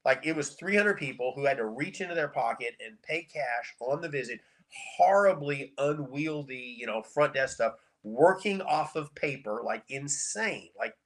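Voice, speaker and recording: A middle-aged chiropractor, appearing as a guest on a podcast, tells stories in a casual, lively interview style. His voice is medium in pitch, and he repeats words for emphasis.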